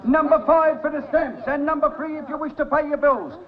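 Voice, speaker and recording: An actor playing a harassed, flustered shopkeeper husband in a 1960s television sitcom. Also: male voice, high-pitched, expressive, normal speed, crowd noise. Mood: officious. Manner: flustered and pleading. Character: harassed, put-upon middle-aged shopkeeper husband. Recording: dull old TV soundtrack with hiss.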